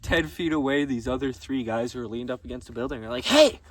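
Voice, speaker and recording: A man vlogging outdoors on a gravel road, casually recapping his day with frequent laughter and easy swearing. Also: mid-range voice, quick pace. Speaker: vlogger dressed as a jester. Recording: distant mic with faint outdoor noise.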